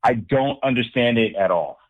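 A man who works as a sports director and anchor, a guest on a sports talk show, talking in an emphatic, animated way. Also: mid-range voice, moderate pace. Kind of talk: casual phone-in sports chat. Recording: tinny phone line.

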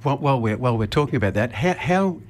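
A man hosting a casual radio interview in a studio, who pauses often with ums and restarts. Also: mid-range voice, lively intonation. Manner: hesitant, many ums and restarts. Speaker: radio host.

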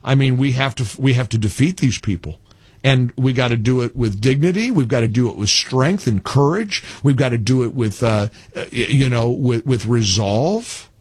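A man's voice: medium pitch, normal speed, darkish tone, husky, dry recording. A man hosting a call-in talk radio show, delivering an emphatic monologue and repeating phrases as he builds his point. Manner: emphatic, repeats himself when worked up.

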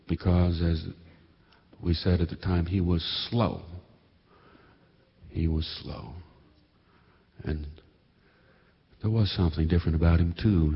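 A man telling a reflective story in a slow, measured, understated monologue. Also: sits low, breathy edge. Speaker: radio storyteller. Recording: muffled recording with long reverb.

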